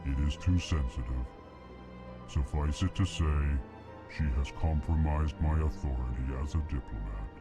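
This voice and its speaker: A towering alien ambassador from a video game, his voice sunk to the very floor of his range. He speaks slowly and formally, stating his emotion before each line with no change in tone. Game music plays clearly behind him. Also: a bass voice. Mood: flat formal. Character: huge slow-moving male alien ambassador, formal and gloomy. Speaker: diplomat.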